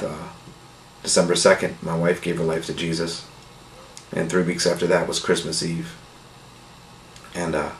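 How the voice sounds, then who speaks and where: A middle-aged man telling his healing testimony in a casual, earnest, rambling way, full of "you know" and soft laughs. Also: low-pitched, gravelly. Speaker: testimony speaker. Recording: echoey room with faint noise.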